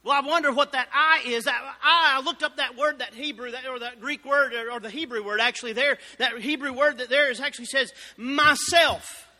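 A man preaching a fervent Baptist sermon, building up to shouted exclamations. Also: extremely high pitch, brisk, hardly any pauses. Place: church sanctuary. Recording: reverberant church hall.

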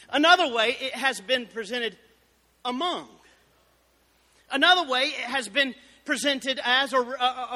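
A man preaching a fervent Baptist sermon, building up to shouted exclamations. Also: very high-pitched. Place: church sanctuary. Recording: reverberant church hall.

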